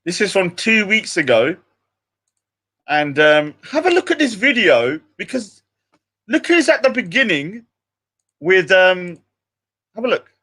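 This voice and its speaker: A man's voice: high-pitched, big pitch swings, unhurried, long pauses, sharp tone. A young man with a British accent, rambling and self-mocking as a livestream host in casual chat. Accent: British English.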